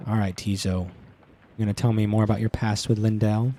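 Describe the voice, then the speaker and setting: Low mellow guy rambling thru a game stream, swears a lot, lots of um and like. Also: level tone, brisk, slight background noise. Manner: rambling, crude jokes, many fillers. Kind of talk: casual let's-play commentary.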